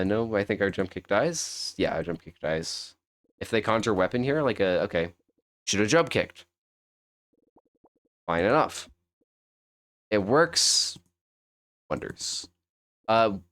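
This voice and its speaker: A young man with a fairly low voice talks through a fighting game live, thinking aloud and correcting himself as he goes. His commentary is casual and rambling, spoken close into a desk mic.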